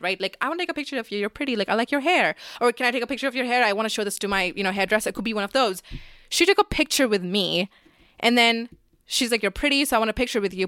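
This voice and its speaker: A young woman telling a story to her vlog camera in a casual, animated way, packed with "like" and swearing. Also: on the high side, clean tone, no room sound. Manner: fast, animated, lots of "like" and swearing. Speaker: YouTuber.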